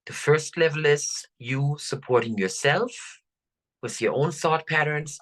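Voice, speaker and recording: An older woman coach, leading listeners through affirmations in a slow, soothing, drawn-out way. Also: low-pitched. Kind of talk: guided affirmation talk.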